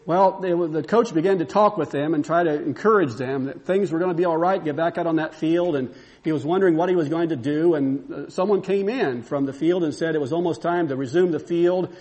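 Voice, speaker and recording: High-voiced preacher man, storytelling. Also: a little fast, a little mellow. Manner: storytelling, building to fervent repeated exclamations. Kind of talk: sermon.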